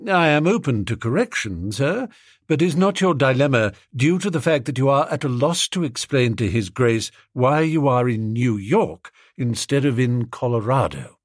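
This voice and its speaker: A proper, unruffled manservant, as a male audiobook narrator puts him on, answering in measured, formal phrases. His voice is a little husky and sounds close and dry, with a lowered, quieter delivery. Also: sing-song, no echo. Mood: deferential. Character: proper, unflappable male valet, knows everything. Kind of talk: audiobook character voice.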